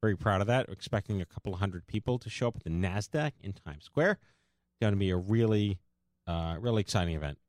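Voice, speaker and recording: Low-pitched guy hosting a podcast, joking around, dry studio sound. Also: quick pace, a little mellow, no room sound. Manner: joking, chatty, trips over words. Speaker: podcast host. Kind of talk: casual chat.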